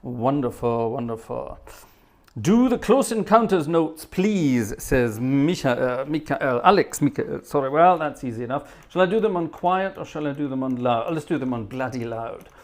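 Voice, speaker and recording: A man's voice: medium pitch, lively intonation, moderate pace. Chatty man greeting his viewers. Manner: cheerful, chatty, reads out names from the chat. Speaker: livestream host and organist. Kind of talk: casual live-stream chat, greeting viewers. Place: home organ studio.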